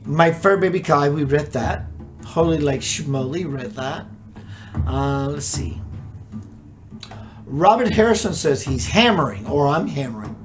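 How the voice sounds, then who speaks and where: With faint music in the background, a spiritual teacher leads a live stream in a medium-pitched voice with lively intonation. The delivery is slow and reflective, full of rhetorical questions, with viewers' chat comments read out.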